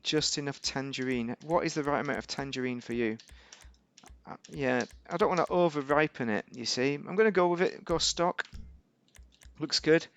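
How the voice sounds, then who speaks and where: A man's voice: fairly high pitch, normal speed, fairly bright tone. A man giving casual, rambling gameplay commentary as a YouTuber, correcting himself and making wry asides. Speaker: gaming YouTuber.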